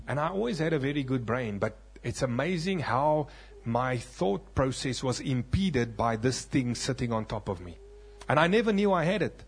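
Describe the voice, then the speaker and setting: Man, preacher, husky voice, dramatic sermon storytelling, loud then hushed. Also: medium pitch. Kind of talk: sermon testimony.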